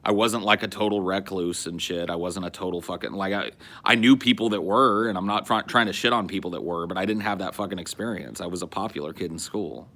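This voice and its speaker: A man in his forties from California hosts a podcast, telling loose, profane stories and often restarting his sentences. His deep voice is a little fast with a sharp tone, and the talk is casual chat.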